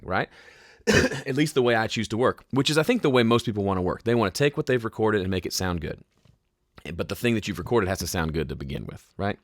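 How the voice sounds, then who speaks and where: A man hosting a casual live question-and-answer podcast, with a smooth, polished speaking voice and a relaxed, conversational way of explaining. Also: lowish voice, fast talker, no room sound, clean studio sound. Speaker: host answering viewer questions. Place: home studio.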